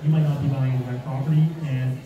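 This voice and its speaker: A man giving an animated real estate seminar with slides, asking the audience rhetorical questions and acting out mock panic. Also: medium pitch, fast talker, narrow, tinny audio. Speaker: real estate investing speaker. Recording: echoey room, distant mic, audience.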